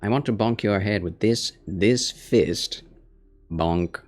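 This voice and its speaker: Laid back guy streaming a game, low voice, chats slow, coos at his cat, faint music in the back. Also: darkish tone. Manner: talks baby talk and whispers to his cat. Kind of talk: casual gameplay livestream chat.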